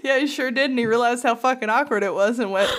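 A woman's voice: fairly high pitch, fast. A woman co-hosting a casual podcast, telling anecdotes animatedly and acting out the people in them. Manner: animated storyteller, acts out voices in anecdotes, swears. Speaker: podcast co-host.

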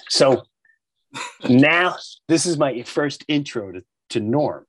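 A man's voice: medium pitch, takes it slowly, slightly rough, no room sound. A man in his fifties from New York, animatedly telling comedy stories in a casual chat. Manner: animated, doing voices of people in his stories.

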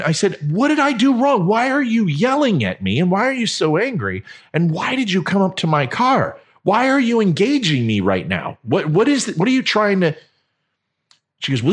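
A man hosting a podcast, telling a story in a monologue and acting out the dialogue as he goes. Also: medium pitch. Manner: animated, acts out quoted dialogue. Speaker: podcast host.

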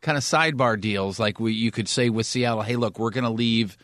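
A man co-hosting a casual sports podcast, relaxed and joking, thinking aloud as he talks. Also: medium pitch, brisk, no room sound, studio quality. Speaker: podcast co-host.

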